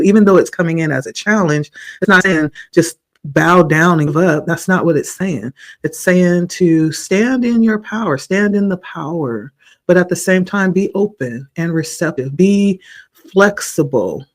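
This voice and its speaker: A man giving a spiritual tarot reading in a slow, reflective, encouraging way, his voice a little hoarse from the morning. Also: a little high. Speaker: tarot reader.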